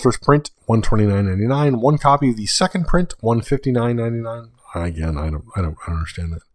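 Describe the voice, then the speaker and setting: A man's voice: lowish voice, no echo. A man hosting a solo podcast, reading a list of prices in a casual way and adding offhand asides. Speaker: podcast host.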